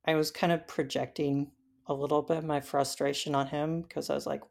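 A woman as an interview guest, telling her story in a halting way with frequent fillers. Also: low voice, level tone, gravelly, a little mellow. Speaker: interview guest recounting a hike.

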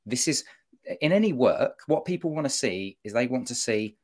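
A man giving an animated, opinionated monologue on a football podcast, often breaking off to mock-quote officials. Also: medium pitch, moderate pace. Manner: animated, self-interrupting, mock-quoting officials.

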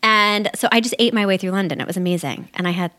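A woman co-hosting a business podcast in casual chat, bubbly and quick to laugh. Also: mid-range voice, pushed and bright. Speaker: podcast co-host.

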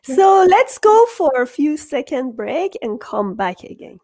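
Slow-talking woman host, higher voice. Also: sing-song, dark tone. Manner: slow, halting questions. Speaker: interview host. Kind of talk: interview hosting.

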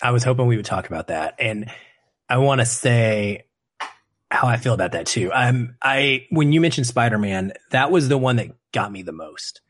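A man's voice: medium pitch, animated, no room sound, studio quality. A man co-hosting a podcast, talking earnestly and emotionally about a film in casual discussion. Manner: earnest, emotional, quick bursts of speech. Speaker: podcast co-host.

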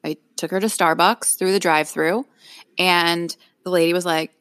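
A woman's voice: on the low side, fairly even intonation, moderate pace, fairly bright tone, clear, resonant tone, no echo. A middle-aged woman co-hosting a podcast, telling a story in casual chat, laughing often and acting out what others said. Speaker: podcast co-host.

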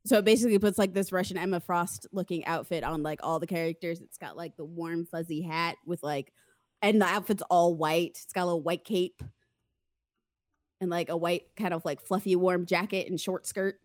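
A woman's voice: on the low side, fairly even intonation, moderate pace, darkish tone, no room sound, studio quality. A young woman co-hosting a podcast, chatting casually and rambling with many fillers and frequent laughs. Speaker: podcast co-host. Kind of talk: casual chat.

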